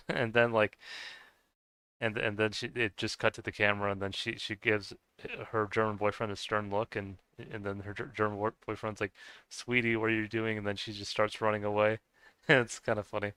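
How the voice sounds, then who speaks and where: Chatting casually with his viewers while gaming, he rambles through fillers and restarts and keeps chuckling between remarks. His pitch is fairly low and his delivery flat at a normal speed, with a bright, forceful, smooth tone and no room sound.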